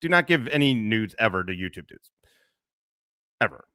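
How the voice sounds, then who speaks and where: A man's voice: fairly low pitch, very animated, normal speed, bright, forceful tone, clear, resonant tone, dry recording. A middle-aged man hosting a casual livestream, rambling, swearing and laughing often into a close mic. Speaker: livestream host.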